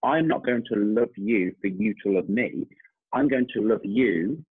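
An English man in his thirties hosts a relaxed interview, thinking aloud with many restarts. His low voice is husky. The sound is dry and thin, like a phone-quality video call. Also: a little slow, no room sound. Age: 30s. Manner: thoughtful, rambling, frequent restarts and fillers. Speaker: host, confidence coach. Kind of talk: casual interview chat.

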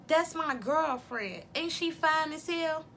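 Brief: a woman doing an eager, flattering young woman in a storytime, slightly high and bright. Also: slow, a little hiss or hum, exaggerated voice. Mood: coaxing.

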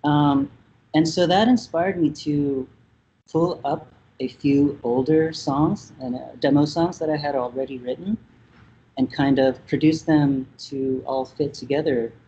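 A man's voice: on the high side, a little slow, mellow, slight background noise. Thoughtful Vietnamese-born man, dull remote audio. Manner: thoughtful, hesitant with many fillers. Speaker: musician guest. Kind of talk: casual interview talk.

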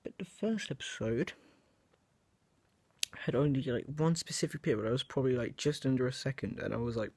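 Brisk yet broken by long pauses, the medium-pitched voice of this young vlogger is darkish and slightly rough, recorded without echo. Chatting to camera, he rambles, hesitates, restarts his sentences, and keeps mocking himself.

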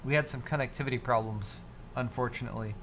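A man's voice: mid-range voice, fast, a bit bright. A man co-hosts a live tech show, rambling jokily through his points with plenty of ums and restarts. His voice sits in a middle range, and a faint noise hums underneath. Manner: rambling and jokey, with many fillers and restarts. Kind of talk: casual live-stream banter.

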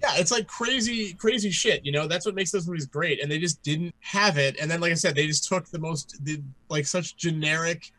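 Podcast co-host, male, bright forceful voice, animated and profane, dry close mic. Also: on the high side, a little fast, few pauses, no echo. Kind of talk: casual chat.

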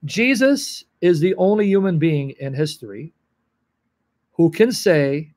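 A man's voice: fairly high pitch, expressive, moderate pace, a little mellow. A man leads a livestream Bible session and speaks to viewers in the chat by name. He is earnest and openly emotional. His voice sits a little above the usual male range. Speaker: Bible teacher. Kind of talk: livestream teaching answering chat.

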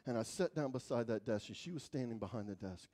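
A man preaching as a guest speaker in church, telling stories dramatically, swinging from loud to hushed. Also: medium pitch, lively intonation, quick pace. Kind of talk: sermon storytelling.

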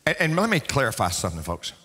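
A man preaching a sermon as pastor, emphatic and rising to shouts, repeating key lines for emphasis. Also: mid-range voice, huge pitch swings, fast. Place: church sanctuary. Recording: long reverb of a church hall.

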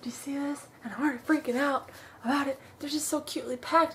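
A woman's voice: high voice, fairly quick, poor audio. Gushing young woman, faint background noise. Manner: gushing and excitable, with frequent gasps and soft whispers. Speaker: vlogger. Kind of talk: unboxing vlog.

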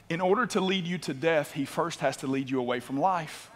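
A man preaching a sermon as a pastor, swinging from loud emphatic bursts to low quiet passages and repeating words as he builds a point. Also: brisk. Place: church auditorium. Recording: long hall reverb.

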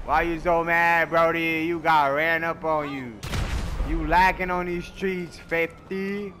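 A young man giving playful, excitable gameplay commentary, trash-talking and swinging from sudden shouts to low mutters. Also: takes it slowly. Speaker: gaming YouTuber. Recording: loud game sounds behind the voice. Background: video game noise and vehicle sounds.

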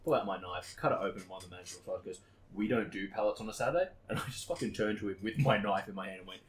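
Speaking very fast in a fairly low voice, a man co-hosting a podcast shares work stories in casual conversation. He swears heavily and acts out what his old workmates said in quotes.

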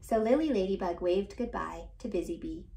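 A woman, a children's author and librarian, reading a storybook aloud in a warm, expressive storytelling voice. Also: medium pitch, normal speed, gravelly.

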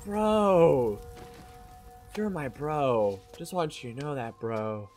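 A man giving let's play commentary, excitable and jokey, talking back at the game as he plays. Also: a little high, slow pace. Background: game music and sounds.

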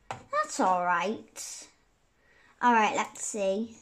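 A young girl chatting through her gameplay, giggly and quick to say sorry. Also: medium pitch, expressive. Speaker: gaming YouTuber. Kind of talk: casual gameplay commentary.

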